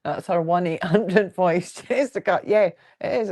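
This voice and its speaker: A woman from Fife, judging by her Scottish accent, talks at a measured pace in a fairly low, darkish voice. Hosting a quilting livestream indoors at home, she answers viewer comments frankly and casually, rambling and joking along the way.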